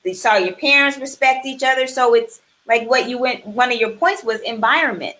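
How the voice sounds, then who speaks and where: A woman in her forties who hosts a talk show and tells animated stories, acting out the voices she quotes. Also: a little high, normal speed. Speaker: host. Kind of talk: casual conversation.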